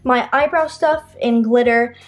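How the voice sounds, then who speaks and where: A teenage beauty vlogger gives a chatty, rambling tour of her makeup collection, full of ums and self-corrections, her throat tired and strained from talking. Her voice is fairly high and unhurried, with faint music in the background.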